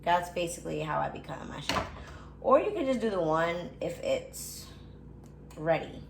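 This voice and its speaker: This young female vlogger has a fairly low, gravelly voice and an expressive, moderately paced delivery. She cooks in her home kitchen for a casual vlog, talking to her viewers, swearing and dramatically complaining. The room is echoey, and faint background noise can be heard.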